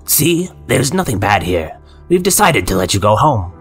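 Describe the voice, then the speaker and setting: A man voicing a possessed military general who speaks gruffly, slowly and with eerie care. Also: lowish voice, animated, a bit bright, soft background music. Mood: eerily kind. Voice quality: gruff, slow and delicate. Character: sinister male military general, possessed, coldly coaxing.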